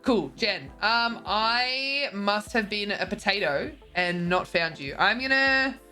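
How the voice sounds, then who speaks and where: Bubbly woman in her twenties, lively. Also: mid-range voice, slow. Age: 20s. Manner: bubbly, laughs often, swearing. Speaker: streamer. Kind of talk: casual chat reading viewer messages. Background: faint music.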